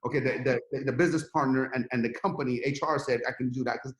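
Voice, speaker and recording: A middle-aged man, a podcast guest, telling a story in a lively, casual way and acting out the quotes. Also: mid-range voice, quick pace, echoey room. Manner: animated, acts out quotes in a rising voice.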